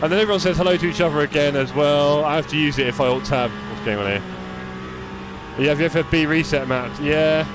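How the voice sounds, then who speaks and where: Sitting at his home sim racing rig, a man talks in a fairly high voice and at a fairly quick clip. He chats casually on a live stream, reading the chat aloud while he drives.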